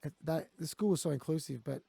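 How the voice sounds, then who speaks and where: An Australian man talking quickly and bluntly, swearing now and then as he tells stories from his own life. His voice is gravelly and mellow. It is recorded close and dry, with no room sound. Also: on the high side, dry recording. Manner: blunt, swears, quotes others. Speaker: guest. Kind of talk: candid conversational storytelling.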